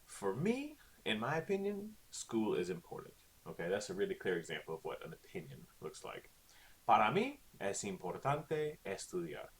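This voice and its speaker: A man's voice: fairly low pitch, big pitch swings, fairly quick. A male teacher talking casually through a recorded online lesson, with lots of okays and ums. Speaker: Spanish teacher.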